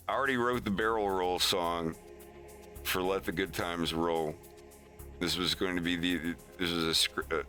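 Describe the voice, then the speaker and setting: A man streaming his animation work, chatting casually and rambling with halting restarts. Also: low-pitched, bright, forceful tone.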